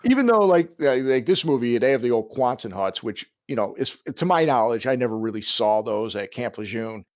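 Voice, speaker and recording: A man's voice: medium pitch, animated, brisk, dry recording. A man hosting a casual podcast chat, rambling and laughing often. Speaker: podcast host, Marine veteran. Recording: dry lo-fi podcast audio.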